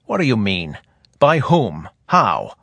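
A man voicing a resentful human colonial officer with a deep, hoarse voice and savage outbursts. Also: wildly swooping pitch, slow pace, fairly bright tone, no room sound, exaggerated voice. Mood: incredulous. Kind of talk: audiobook character reading.

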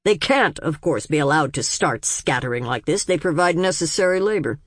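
Woman reader doing a snooty dry old dad, cold and curt, low voice in a dead quiet room. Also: expressive, moderate pace, no echo. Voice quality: dry, clipped voice. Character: stern, dismissive, proud older male city patriarch.

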